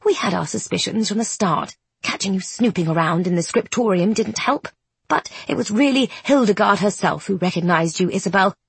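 A woman putting on a breathy brisk nun. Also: fairly high pitch, expressive, no echo, pitched above the performer's own voice. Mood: dry.

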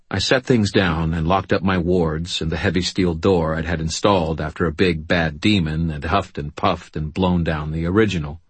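A man narrating a first-person audiobook in a steady, understated way. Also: low voice, husky, dry recording.

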